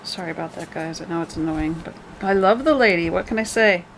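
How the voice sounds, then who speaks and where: A woman's voice: fairly low pitch, brisk, a little hiss or hum, low-quality recording. Chatty woman showing off a handmade journal. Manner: chatty, rambling, with jokey asides. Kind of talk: casual show-and-tell.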